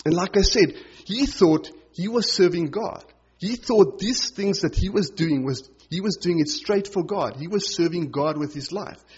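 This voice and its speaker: A man with a slightly high, husky voice teaches a sermon in an easygoing, explanatory way. The recording sounds dull and lo-fi. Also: normal speed, darkish tone. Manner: informal and explanatory, with frequent "sort of" and "you know". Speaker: preacher. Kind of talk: conversational Bible teaching sermon.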